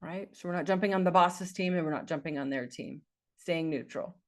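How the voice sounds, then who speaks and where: A woman's voice: lowish voice, a little fast. A woman life coach giving an earnest, encouraging talk, repeating phrases for emphasis.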